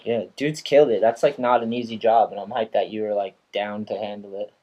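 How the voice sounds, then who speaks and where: Animated man telling stories, swearing freely. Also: on the low side, a little fast, dull audio. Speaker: podcast host. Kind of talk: casual chat.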